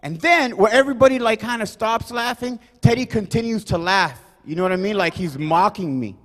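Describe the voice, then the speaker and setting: A man performing a rambling, loud stand-up set, forever adding "you guys" and "right?". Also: high voice, a little fast, long reverb tail. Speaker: stand-up comedian. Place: comedy club stage.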